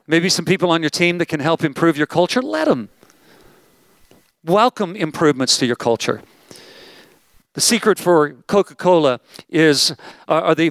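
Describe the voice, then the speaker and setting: A man giving a pastor's conference talk in a slightly high voice, recorded dry and close. He speaks with emphasis and repeats his main points. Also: fairly bright tone, no echo. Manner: emphatic, repeats key phrases. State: out of breath. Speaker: pastor leading a conference session. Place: large room with audience.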